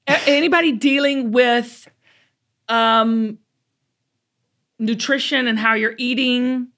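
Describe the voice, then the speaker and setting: Southern lady hosting her show, bright voice, a bit high, chatty and folksy. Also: fairly even intonation. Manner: chatty, folksy storytelling with drawn-out emphasis. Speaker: talk show host. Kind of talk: casual chat.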